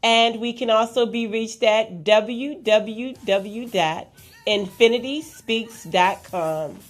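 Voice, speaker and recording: Grateful woman guest, slightly high voice. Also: slow, faint music behind. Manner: warm brief affirmations, emotional gratitude. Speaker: talk show guest. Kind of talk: casual interview answers.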